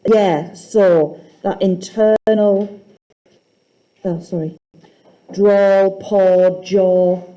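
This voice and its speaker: Slow, mellow-voiced woman teacher. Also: mid-range voice, fairly even intonation, muffled recording. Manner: questioning, reading lines aloud slowly. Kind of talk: classroom poetry lesson.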